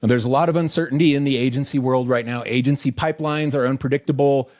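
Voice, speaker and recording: A man co-hosting a casual podcast. He reads quotes from a report aloud between easy back-and-forth, with a relaxed, conversational delivery at a middling pitch. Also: fast. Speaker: podcast co-host.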